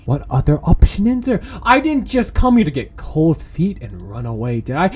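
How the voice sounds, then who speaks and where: A woman playing a game on video, talking through it and reading the story text aloud, swearing and mocking herself with sudden shouted outbursts. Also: deep voice, sing-song, normal speed, hardly any pauses, slight background noise. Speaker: let's play gamer.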